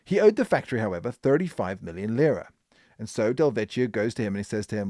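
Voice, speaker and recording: Animated male podcast storyteller. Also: mid-range voice, fast, no room sound, studio quality. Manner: animated, emphatic retelling. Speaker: podcast host. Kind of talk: business history storytelling.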